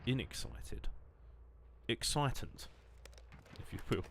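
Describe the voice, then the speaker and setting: A man's voice: medium pitch, wildly swooping pitch, slow pace, vocal fry, background noise. A young man streaming from home, chatting casually to his viewers in a rambling, self-mocking way. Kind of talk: casual live-stream chat.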